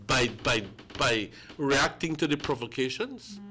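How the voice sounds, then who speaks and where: A man's voice: medium pitch, sing-song, measured pace, noisy background. A man, a guest on a morning talk show, arguing emphatically and repeating words for stress. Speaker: guest commentator.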